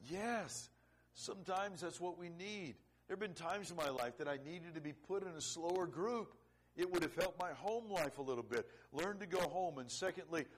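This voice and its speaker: Earnest preaching man, slightly high voice. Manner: earnest preaching, swings from loud to quiet. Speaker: pastor. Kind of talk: sermon.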